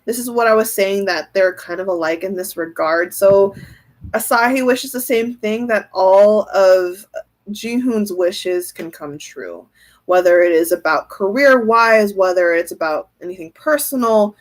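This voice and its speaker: A woman's voice: medium pitch, a little slow. A woman giving a casual tarot reading on a livestream, thinking aloud, answering viewer comments and often breaking into giggles. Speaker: tarot reader.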